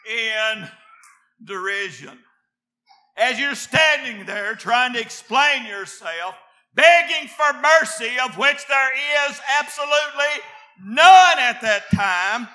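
A man preaching a fiery sermon, reading scripture quietly, then shouting his exhortations. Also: very high voice.

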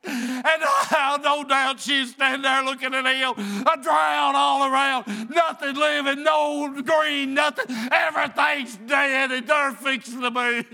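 A man preaching a fervent sermon, often breaking into shouts. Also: very high-pitched, fairly even intonation, a little slow, vocal fry.

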